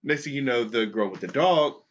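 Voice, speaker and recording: At normal speed and medium pitch, this man co-hosts a podcast, telling a story through casual cursing and animated impressions of the people he describes. The sound is dull and lo-fi.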